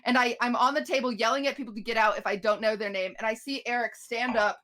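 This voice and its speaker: Woman, high bright voice, casual chat, lively storytelling, swears, quotes people. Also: fast. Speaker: podcast guest telling a story.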